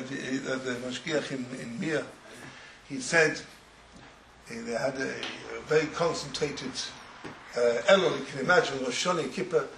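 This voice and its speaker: Man, religious teacher, informal Torah talk, bright tone, roomy echo. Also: mid-range voice, slight background noise. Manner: animated storyteller, laughs through his words; sprinkles Yiddish phrases. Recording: roomy echo, faint ambience.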